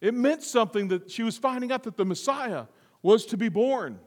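A high-pitched male pastor delivering a sermon with scripture reading. He swings from hushed, quiet asides to loud, emphatic repeated phrases. His voice rings with the long reverb of a large church sanctuary. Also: lively intonation, moderate pace.

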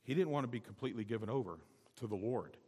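A man preaching a sermon as a pastor, talking emphatically and building to loud, high exhortation. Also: animated, quick pace, breathy edge, big-room sound. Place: church sanctuary.

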